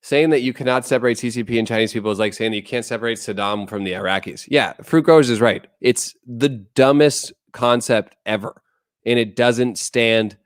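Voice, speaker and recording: A man's voice: medium pitch, no echo, studio quality. A man hosting a casual livestream, chatting bluntly and profanely, reading viewer comments aloud and rambling between topics. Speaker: livestream host.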